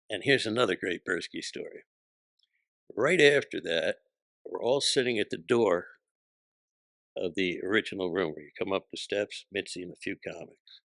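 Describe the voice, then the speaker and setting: Gravelly-voiced man telling comedy stories. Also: deep voice, moderate pace, pauses often, no echo. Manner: animated, acts out quoted voices. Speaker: comedian guest. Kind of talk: storytelling anecdotes.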